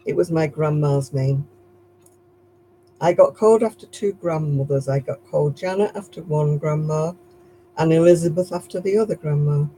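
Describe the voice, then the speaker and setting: A woman's voice: low-pitched, normal speed, dark tone, slight background noise, low-quality recording. A woman with a Lancashire accent hosting a casual live stream while she crochets, chatty and rambling, chuckling at herself. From Lancashire, England.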